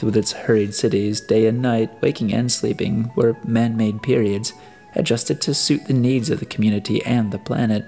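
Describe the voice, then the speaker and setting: A man narrating an audiobook in a deliberate way, now and then restarting a phrase. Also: lowish voice, gravelly, mellow. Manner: deliberate reading with occasional restarts. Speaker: audiobook reader.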